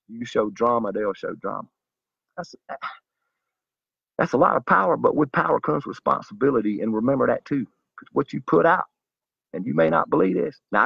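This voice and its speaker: A man's voice: mid-range voice, vocal fry, slightly rough, no room sound. A man delivering a zealous, preachy monologue straight to his viewers in a slightly dull lo-fi recording. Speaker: vlogger. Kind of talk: earnest direct-to-camera monologue.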